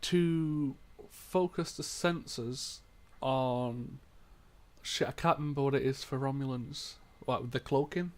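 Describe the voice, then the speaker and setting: A man playing in a tabletop role-playing game, thinking aloud in a halting way as he works out his moves. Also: medium pitch. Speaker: player. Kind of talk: casual tabletop game talk.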